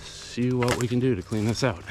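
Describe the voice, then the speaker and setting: A man's voice: medium pitch, moderate pace, background noise. A man casually talking through an outdoor vlog while picking up litter, rambling and matter-of-fact with many fillers. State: out of breath after a hill climb. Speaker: volunteer litter picker and channel host. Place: outdoors in woods and by a roadside.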